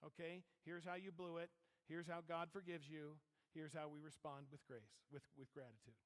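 A man's voice: a little high, steady tone, moderate pace, in a large hall. A man preaching a sermon as pastor, in a conversational way, often asking his congregation questions. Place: church sanctuary.

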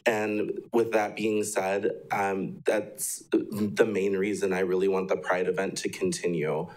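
A young man from Wisconsin giving a sincere, measured public comment at a city council meeting. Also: deep voice, little pitch movement, low-quality recording.

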